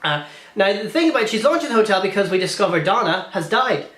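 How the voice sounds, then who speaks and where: A man's voice: high voice, very animated, fast, a bit bright, reverberant. A man reviewing a film in a casual vlog, gushing and rambling with many restarts and fillers.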